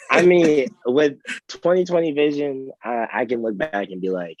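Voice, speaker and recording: A young man, a college athlete, telling stories in a relaxed, rambling way with many fillers and restarts. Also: mid-range voice, a little slow, no echo, muffled recording. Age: young adult. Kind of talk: casual storytelling interview.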